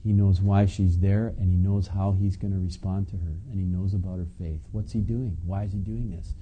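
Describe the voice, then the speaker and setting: A man's voice: low-pitched, fairly even intonation, fairly quick, slightly rough, muffled recording. A man preaching a conversational sermon, reading scripture and adding casual asides to his listeners. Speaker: pastor. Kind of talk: sermon teaching.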